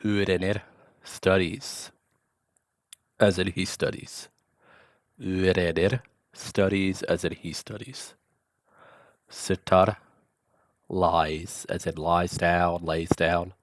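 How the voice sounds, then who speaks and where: A man's voice: deep voice, fairly even intonation, slow, long pauses, no room sound, studio quality. A man teaching a language lesson in a casual, chatty way, enunciating carefully and dropping offhand asides. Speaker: language tutor.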